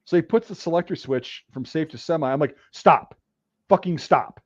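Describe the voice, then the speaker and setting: A man telling profane army stories in casual chat, acting out the yelling. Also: on the high side, quick pace, dull audio. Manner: profane, animated storytelling, acts out yelling. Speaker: podcast host, veteran telling army stories.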